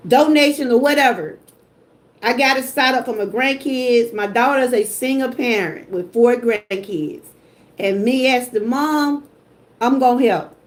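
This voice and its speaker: An older woman, chatting emotionally with her live-stream viewers. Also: high voice. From Georgia, US. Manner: emotional, talks straight to chat viewers. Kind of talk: casual livestream chat.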